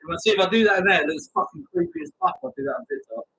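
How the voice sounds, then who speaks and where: A man's voice: high-pitched, sing-song, racing, gravelly, bright, forceful tone, a little hiss or hum, low-quality recording. A man hosting a live stream, chatting to his viewers in a rambling, sweary way with stammered restarts. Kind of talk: casual live-stream chat.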